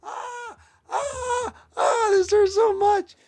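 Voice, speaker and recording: A man's voice: extremely high pitch, fairly even intonation, extremely slow, darkish tone, voice pushed up, heavily acted. A man voicing an old male head coach who shrieks in pain as he is burned. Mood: agonized.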